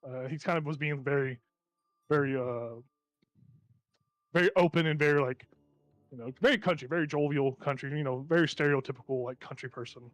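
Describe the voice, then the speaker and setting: A man's voice: fairly high pitch, fairly quick, pauses often, a bit bright, no echo. A man narrating as game master of a tabletop game, describing the scene in a loose, rambling way full of restarts.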